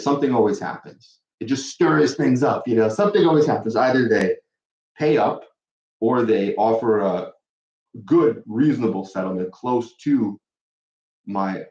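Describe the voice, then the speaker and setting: A man, a personal injury lawyer, answering viewer questions in a casual live Q&A, animated and acting out the other side in quick quoted asides. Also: on the low side. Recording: dull, roomy sound.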